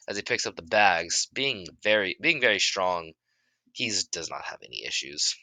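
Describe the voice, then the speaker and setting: Man, improvised story narration, low pitch, bright tone, dry sound. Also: expressive, dry recording. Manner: halting, many restarts and fillers.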